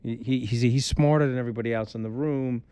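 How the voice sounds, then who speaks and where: A man's voice: medium pitch, quick pace, clear, resonant tone, dry recording. A middle-aged man as a podcast guest, talking bluntly and emphatically, repeating his points and acting out quotes. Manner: animated storyteller who acts out quotes. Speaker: interview guest. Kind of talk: candid podcast conversation.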